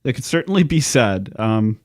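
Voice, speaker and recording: A man's voice: mid-range voice, sing-song, moderate pace, no echo. A man co-hosting a true-crime podcast, chatting casually with joking, profane banter. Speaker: podcast co-host. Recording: dry, close podcast recording.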